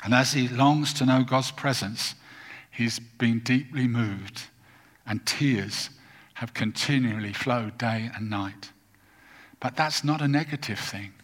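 A man preaching a sermon as a pastor, earnest and deliberate, leaning on repetition for emphasis. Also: medium pitch. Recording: long reverb of a large hall.

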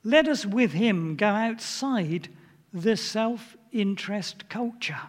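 A man's voice: high-pitched, animated, takes it slowly, big-room sound. An older man giving an informal sermon in a chatty way, often putting questions to his listeners. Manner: chatty, asks the audience questions. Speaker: preacher.

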